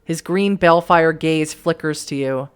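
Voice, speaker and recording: A woman's voice: sits low, measured pace, clean tone. A woman streaming a story game, reading its narration aloud and reacting with casual, wry asides. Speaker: let's play streamer.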